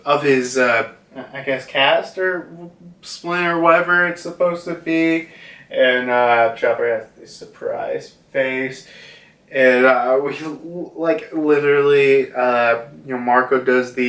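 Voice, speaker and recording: Recorded from a distance in a roomy space at home, a young man reviews manga by casually recapping a chapter, filling it with fillers and acted-out dialogue. He speaks in a mid-range voice with a bright, forceful tone.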